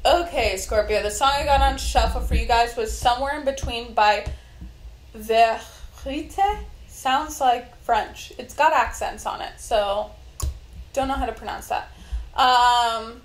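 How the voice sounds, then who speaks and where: A woman's voice: fairly high pitch, a little slow. A woman giving a casual tarot reading, chatty and rambling, with many fillers. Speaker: tarot reader. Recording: echoey room.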